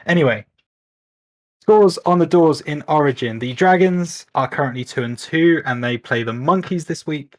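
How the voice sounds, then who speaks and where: A British man with a slightly high voice, speaking at a moderate pace with no echo, hosts and casts a casual esports league stream. His style is upbeat, chatty and self-mocking.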